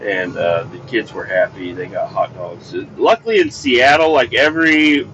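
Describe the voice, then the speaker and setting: A man's voice: lowish voice, normal speed, muffled recording. A middle-aged man telling a rambling, exasperated story full of swearing, recorded while driving in a car. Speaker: podcast host. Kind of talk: casual profane storytelling. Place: in a moving car. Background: faint vehicle noise.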